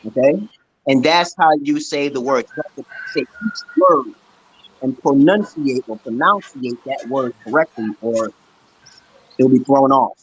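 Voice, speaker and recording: A man's voice: mid-range voice, unhurried, lo-fi sound, slight background noise. A man from Brooklyn, New York, hosting a stream and giving casual language advice in an emphatic way, often checking in with "okay". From Brooklyn, New York, USA. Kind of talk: casual teaching chat.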